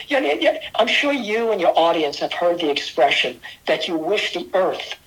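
An older man from New York City with a bright, forceful voice tells his personal story as an interview guest. He speaks earnestly and with emphasis, and he often stops and restarts his sentences. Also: sits high, very animated, moderate pace, low-quality recording. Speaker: guest sharing his testimony.

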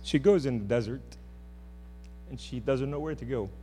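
A man's voice: medium pitch, moderate pace, a little hiss or hum. Man preaching in a reverberant hall. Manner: impassioned, swings between loud and hushed. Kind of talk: sermon. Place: church.

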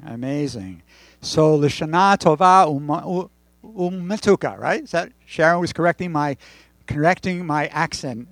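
A man leading a congregation, praying and then preaching conversationally with pauses and fillers. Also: on the high side, no echo. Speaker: congregation leader. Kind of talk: sermon with prayer and joke.

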